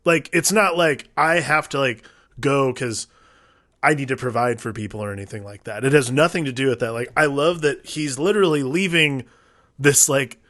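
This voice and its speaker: A man's voice: medium pitch, fairly bright tone, no room sound, studio quality. A man co-hosting a film podcast, chatting casually and rambling with lots of "like" as he works his way toward each point. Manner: rambling, many "like" fillers, quick agreeing replies. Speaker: podcast co-host.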